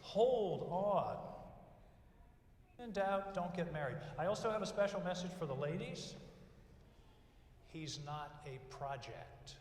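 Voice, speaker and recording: An older man gives a graduation speech in a folksy storytelling manner, working through numbered advice. His voice sits high and comes through a reverberant hall. The mic is some distance away, with faint background noise. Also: lively intonation, slow, long pauses, darkish tone. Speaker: commencement speaker. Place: large hall at a graduation ceremony. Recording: echoey hall from far off.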